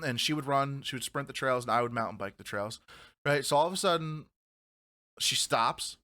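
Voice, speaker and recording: A man co-hosting a casual podcast, telling wild stories with lots of swearing and acting out his own shouts. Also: medium pitch, moderate pace, no room sound. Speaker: podcast co-host. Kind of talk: casual chat, storytelling.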